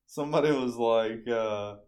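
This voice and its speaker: A man's voice: mid-range voice, moderate pace, a little mellow. A man co-hosting a podcast in casual chat, laid-back and full of filler words. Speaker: podcast co-host. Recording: echoey room.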